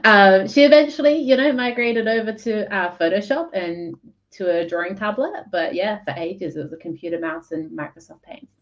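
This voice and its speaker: A woman chatting on a video call, rambling and hesitant, quick to laugh. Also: mid-range voice, expressive. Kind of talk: casual live-stream chat. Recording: dull lo-fi call audio.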